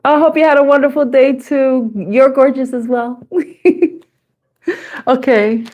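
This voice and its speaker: A woman tarot reader chatting through a live reading from her office, her voice pitched a little high and her pace unhurried. She is playful and giggly, laughs often, and repeats each question slowly while shuffling cards. The stream feels casual and chatty. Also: fairly even intonation, narrow, tinny audio.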